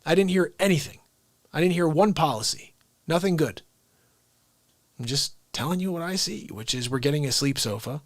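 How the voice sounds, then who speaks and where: A man's voice: fairly high pitch, animated, moderate pace, long pauses, no echo. A man hosting his daily live stream, ranting casually and talking straight to his viewers. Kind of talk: unscripted live-stream chat.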